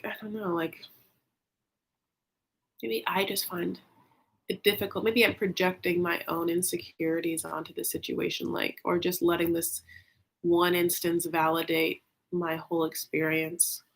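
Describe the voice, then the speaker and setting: A woman talking in a casual, gossipy recap vlog, chatty and animated, packing her talk with "like.". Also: fairly low pitch. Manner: chatty, heavy use of "like", animated asides. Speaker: YouTube reality-TV recapper.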